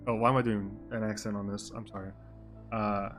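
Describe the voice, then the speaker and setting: A man's voice: fairly low pitch, sing-song, normal speed, pushed and bright. Young guy streaming role-play, laughs at himself, swears a lot, bit of music underneath. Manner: self-mocking, swears casually.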